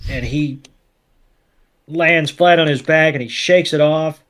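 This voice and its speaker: A man co-hosting a podcast, retelling an episode in casual chat with animated, swear-laced storytelling. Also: fairly high pitch, takes it slowly. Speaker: podcast co-host.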